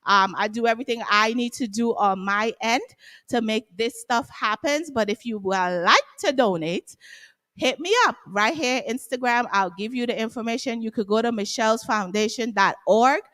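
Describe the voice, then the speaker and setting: Woman host, casual livestream chat, excited and loud, somewhat high voice. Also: moderate pace. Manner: excited and loud, chatty with fillers. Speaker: show host.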